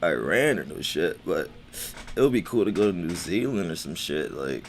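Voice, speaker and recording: A man's voice: sits low, very animated, normal speed, a little hiss or hum. A man with slurred speech rambling casually on a livestream, stammering, repeating words and swearing. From United States. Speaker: livestream host.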